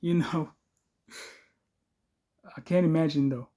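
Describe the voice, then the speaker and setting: A man's voice: on the high side, fairly even intonation, takes it slowly, warm tone. Man, reaction host, rambling, casual. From South Africa. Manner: rambling, heavy on "you know" and "bro".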